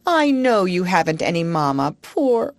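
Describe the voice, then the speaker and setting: Woman doing a shrill flustered schoolmistress. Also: very animated, normal speed, no echo. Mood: frantic scolding. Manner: shrill, pleading then scolding. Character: flustered plump middle-aged schoolmistress, fretful.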